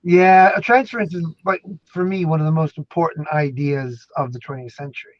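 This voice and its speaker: A man chatting casually as an academic guest, animated and jokey, rambling through his thoughts. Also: on the high side, fairly quick, no room sound, lo-fi sound. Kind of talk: casual chat.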